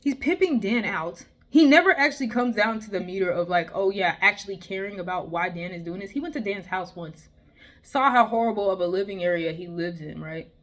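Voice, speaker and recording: A woman giving a heated, exasperated casual review, swearing often and breaking into animated outbursts. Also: mid-range voice, fairly quick. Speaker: manga reviewer.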